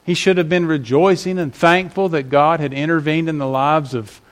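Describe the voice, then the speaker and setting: A man's voice: a little high, steady tone, moderate pace. A man preaching a Sunday sermon to his congregation, conversational and rising in emphasis on key points. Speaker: pastor.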